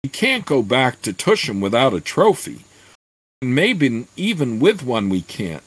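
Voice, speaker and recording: A man reading aloud voices a small, eager apprentice boy who pleads and flares up quickly. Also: medium pitch, big pitch swings, husky, dry recording. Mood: agitated.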